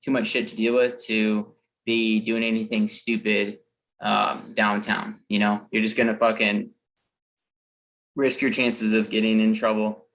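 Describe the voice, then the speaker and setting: A man's voice: on the low side, level tone, unhurried, fairly bright tone, rough recording. A man co-hosting a podcast, giving laid-back, frank advice with some swearing. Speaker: podcast co-host. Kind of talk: casual chat.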